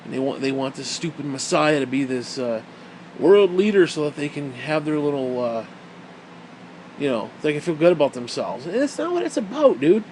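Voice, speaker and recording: Man, slightly high voice, profane rambling rant, faint background hum. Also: sing-song, moderate pace, darkish tone. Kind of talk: casual rant.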